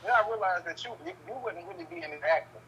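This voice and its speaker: Young male podcast host, bright high-pitched voice, animated raunchy storyteller. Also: fast talker, highs cut off, a little hiss or hum. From Louisiana. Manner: animated storyteller, acts out quotes loudly, swears, laughs. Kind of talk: casual storytelling chat.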